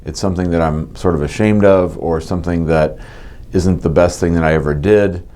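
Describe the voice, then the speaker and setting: Deep-voiced man, slow deliberate enunciation. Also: fairly even intonation, dark tone. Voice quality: slightly stuck S sounds. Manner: slow, deliberate over-enunciation of his words. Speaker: immigration lawyer. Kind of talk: explainer video to camera.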